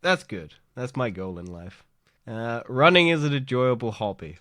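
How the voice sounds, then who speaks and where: A man's voice: medium pitch, big pitch swings, normal speed, pushed and bright, dry recording. A young man co-hosting a podcast in a casual chat, teasing and laughing often. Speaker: podcast co-host.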